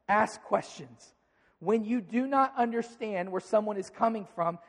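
A man's voice: high-pitched, big-room sound. A man preaching a sermon as pastor, talking conversationally and acting out little dialogues.

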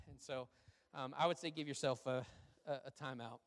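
A man, a pastor, answering questions in a sermon, talking conversationally and telling stories with an animated delivery and frequent fillers. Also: medium pitch, normal speed, long reverb tail.

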